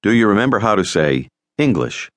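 A man narrates an audio language lesson, giving calm, scripted instructions for learners to listen and repeat. His voice is a little low but lively in pitch. The recording is dry and close, from a studio. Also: a little fast, dry recording. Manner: calm, directive teaching prompts.

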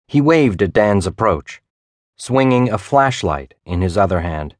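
A man narrating a suspense novel as an audiobook, in a measured, even reading. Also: on the low side, no room sound, clean studio sound. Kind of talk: scripted narration.

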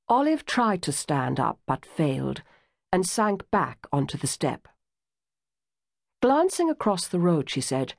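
A woman narrating an audiobook in a lively, expressive reading. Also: fairly low pitch, measured pace, vocal fry, no room sound, clean studio sound. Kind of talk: scripted narration.

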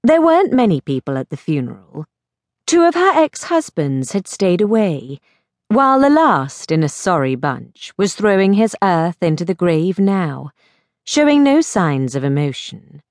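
Woman narrator for a mystery audiobook. Measured, expressive, dry studio sound. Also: on the low side, dry recording.

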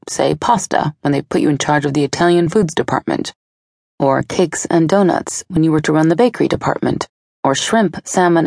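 Low, creaky woman narrating. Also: darkish tone, no room sound, studio quality. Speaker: audiobook narrator. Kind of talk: scripted audiobook narration.

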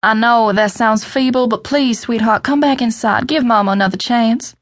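A woman's voice: fairly high pitch, moderate pace, lightly acted. A woman doing a young drawling Southern guy. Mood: coaxing. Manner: drawling, sarcastic. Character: young southern man, sarcastic, smooth-talking boyfriend.

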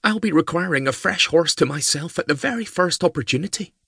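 A man's voice: on the high side, animated, fairly quick, gravelly, fairly bright tone, breathy edge, no room sound, studio quality, pitched above the performer's own voice, exaggerated voice. A male audiobook narrator voicing a feisty, spoilt young noblewoman who speaks in a clipped, haughty manner. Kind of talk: audiobook character voice.

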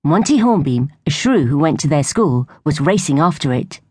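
A woman narrating a storybook for young children in a gentle, even way. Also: low voice, normal speed, slightly rough. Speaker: audiobook narrator.

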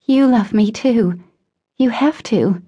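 A woman's voice: on the high side, slow pace, warm tone, breathy edge, highs cut off, voice pushed up. A woman voicing a desperate, obsessive teenage girl who pleads in a raised, tearful voice. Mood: pleading.

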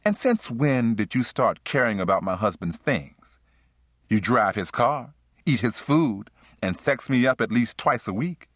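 A man voicing a sharp-tongued young woman in an audiobook, speaking with sassy indignation. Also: mid-range voice, lively intonation, measured pace, no room sound, studio quality, voice pushed up. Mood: indignant.

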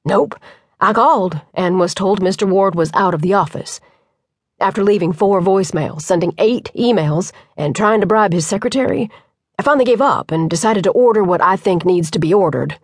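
A weary, earnest young male site manager, as a woman narrator puts him on, loyal and a little stressed. Her voice stays close to her own, mid-pitched and dry. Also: normal speed, no room sound, natural voice.

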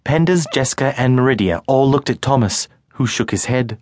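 A man narrating a children's audiobook in a measured storytelling manner. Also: medium pitch, lively intonation, a little mellow. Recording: dry studio recording.

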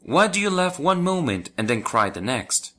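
A man's voice: fairly high pitch, very animated, moderate pace, a bit bright. A man voicing a wise female yak-like animal who tells a boy how to escape, in a children's storybook. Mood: calm instructive.

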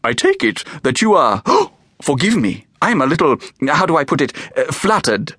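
A man voicing a stern, secretive woman archaeologist who speaks in a formal, curt and hushed way for an audiobook. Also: a little high, big pitch swings, moderate pace, husky, no echo, clean studio sound, voice pushed up, full character voice. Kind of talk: audiobook character voice.

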